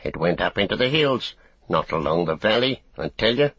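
A man's voice: deep voice, big pitch swings, moderate pace, fairly bright tone, breathy edge, no room sound, lo-fi sound, heavily acted. A man voicing a small, sly orc tracker who snarls and whines. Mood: snarling. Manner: snarling, whining.

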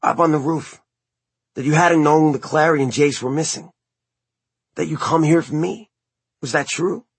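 Narrator doing a nervous young guy, halting, higher than his own voice, husky. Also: no echo. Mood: hesitant. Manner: hesitant, halting. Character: young man, uncertain and halting.

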